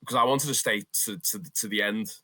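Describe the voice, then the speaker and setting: Bright-voiced Scouse lad telling stories. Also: male voice, fairly low pitch, brisk. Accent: Liverpool (Scouse). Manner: animated, swears freely, says "lad" often, bursts into laughter. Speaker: podcast guest, football fan. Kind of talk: casual storytelling.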